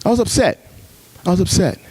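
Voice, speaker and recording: A male pastor preaching at a men's retreat, swinging his pitch up high to act out his own cries to God and dropping low for quiet stories. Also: expressive, brisk, slightly rough. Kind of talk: sermon. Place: retreat gathering room.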